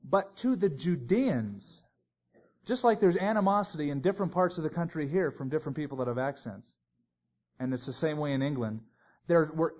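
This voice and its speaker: A man's voice: on the high side, a little mellow, slightly rough. A man teaching a Bible sermon in a conversational way, with joking asides. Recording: dull lo-fi recording.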